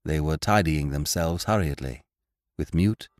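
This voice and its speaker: A man narrating a classic short story as an audiobook host, in a measured, expressive storytelling manner. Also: a bass voice, no room sound. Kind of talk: scripted narration.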